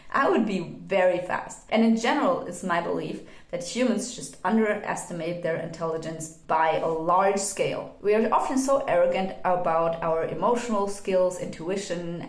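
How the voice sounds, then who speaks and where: A young woman talks straight to the camera in a roomy, echoing space. Her English is not her first language. She is blunt and opinionated, swears freely, and slips into mocking put-on voices when she quotes other people. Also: on the low side. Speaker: video essayist. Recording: echoey room.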